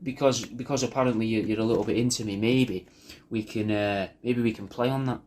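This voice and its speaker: A man's voice: fairly low pitch, fairly even intonation, a little fast, darkish tone, a little hiss or hum. A man rambling through a personal video message, swearing a lot and often restarting his sentences. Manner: rambling, sweary, self-deprecating, with many restarts.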